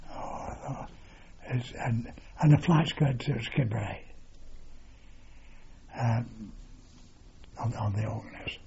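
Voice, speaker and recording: An older man slowly reminiscing about his service years, his speech halting and peppered with mild curses. The recording is dull and lo-fi, with a steady noise underneath. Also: medium pitch, vocal fry. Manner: halting, with fillers and mild swearing. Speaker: veteran recounting his service. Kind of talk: oral history reminiscence.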